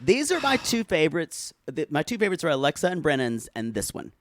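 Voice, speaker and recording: A man co-hosting a podcast, casually chatting and recapping a reality show with animated, dramatic storytelling. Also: fairly high pitch, a little fast, dry recording, clean studio sound. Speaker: podcast co-host.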